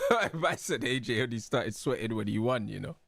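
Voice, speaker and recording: A young man hosting a live football watch-along, talking excitedly in heavy slang and laughing loudly. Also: mid-range voice, normal speed, creaky, no echo, studio quality. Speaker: host.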